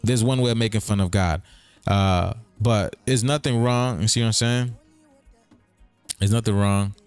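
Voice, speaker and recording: A man's voice: on the low side, steady tone, normal speed, smooth, no room sound, soft background music. A man hosting a livestream in a casual, rambling commentary style. He repeats himself and keeps checking in with his listeners. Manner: breaks words apart and riffs on them. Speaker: streaming show host.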